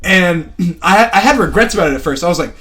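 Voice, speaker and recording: High-voiced young man rambling through a story. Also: lively intonation, fairly quick, fairly bright tone, slight background noise. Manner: rambling, lots of fillers and profanity, laughs while telling stories. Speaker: podcast co-host. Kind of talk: casual storytelling chat.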